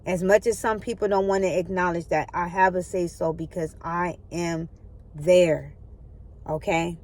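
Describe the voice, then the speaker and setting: A woman's voice: on the low side, fairly even intonation, unhurried, a little mellow. A woman giving a spiritual motivational talk into her phone, earnest and preachy, often checking in with her listeners. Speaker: spiritual vlogger.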